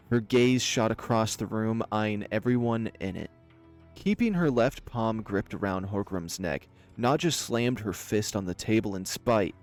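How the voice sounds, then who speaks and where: A man narrating a visual novel in a dramatic, steady storybook reading. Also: lowish voice. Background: soft music.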